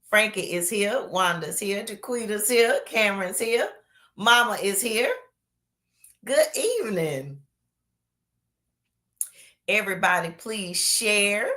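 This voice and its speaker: A woman pastor hosting an online Bible study, chatting casually with drawn-out emphasis while reading viewers' comments aloud. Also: mid-range voice. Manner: animated, drawn-out emphasis, calls people baby.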